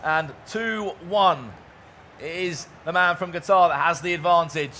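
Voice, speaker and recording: A man co-commentating on a football video game final, animated and chatty. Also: fairly high pitch, measured pace, slight background noise. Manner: animated, bursts into shouting on goals. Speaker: esports co-commentator.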